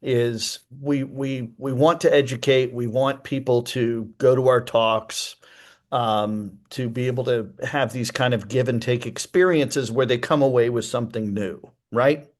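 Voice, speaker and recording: A man's voice: medium pitch, fairly even intonation, unhurried. Guy author on a chat show, mid voice, thoughtful, lots of ums and restarts. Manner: thoughtful, many fillers. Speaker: author and guest. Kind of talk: casual interview chat.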